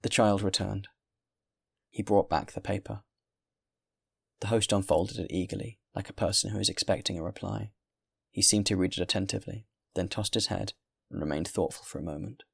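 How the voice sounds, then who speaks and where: A man reading a classic novel aloud in a steady, measured narration. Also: on the low side, creaky, breathy edge. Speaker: audiobook reader.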